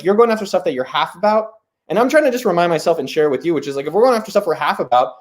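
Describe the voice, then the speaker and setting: Excitable, foul-mouthed man, fairly high voice. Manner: excited, swears freely, rambling restarts. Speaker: host. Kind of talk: casual live-stream talk.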